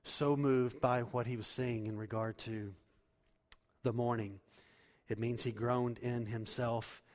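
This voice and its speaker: A male pastor delivers a sermon in a church sanctuary, his voice rising to loud emphasis and then dropping to near-hushed tones. His pitch sits in an ordinary middle range for a man. A long reverb trails each phrase through the hall. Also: steady tone, slow.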